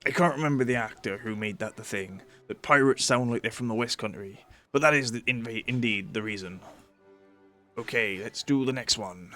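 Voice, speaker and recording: A man's voice: medium pitch, moderate pace, sharp tone, soft background music. A man streaming a city-building game, talking to himself in a casual, muttering way and sometimes slipping into a silly pirate voice. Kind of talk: casual gameplay commentary.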